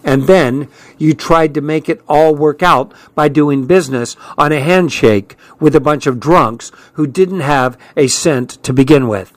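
A man's voice: fairly high pitch, unhurried, no echo, close to an everyday voice. A man voicing an angry middle-aged mother who bitterly accuses her husband, in a storybook reading.

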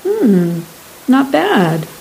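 A woman's voice: high voice, huge pitch swings, drawn-out words, creaky, warm tone, a little hiss or hum, pitched above the performer's own voice, exaggerated voice, rough recording. A woman voicing a pompous sixteenth-century male sorcerer who speaks in archaic, haughty phrases. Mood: stately. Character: pompous 16th-century male astrologer Bretnor.

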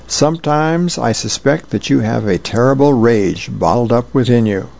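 Man reading a bossy little girl playing doctor, matter-of-fact lecturing, gravelly, muffled. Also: mid-range voice, moderate pace, a little mellow, natural voice.

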